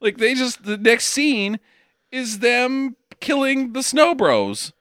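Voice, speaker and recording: A man recapping a film with a podcast co-host, his voice bright and lively and swinging up and down as he jokes. He is sarcastic and swears freely. The sound is close and dry. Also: extremely high pitch, slow, no room sound. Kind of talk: casual movie-recap chat.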